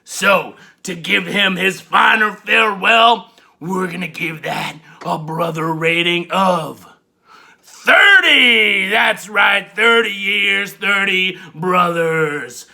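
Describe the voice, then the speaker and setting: Man putting on a loud, boastful wrestling-promo persona; gravelly, high and bright, yelling "brother" constantly. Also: takes it slowly, exaggerated voice. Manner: shouty, calls everyone brother and daddy.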